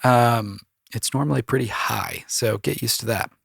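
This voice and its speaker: A man's voice: medium pitch, expressive, a little fast, creaky, a bit bright, breathy edge, no echo, studio quality. A man with a cold, giving loose, rambling advice in a casual solo podcast, full of fillers. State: has a cold, voice deeper than usual. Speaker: composer and podcast host.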